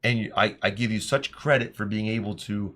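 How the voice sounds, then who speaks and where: Earnest storytelling man, low voice. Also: brisk, fairly bright tone. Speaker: teacher and podcast co-host. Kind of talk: casual storytelling chat.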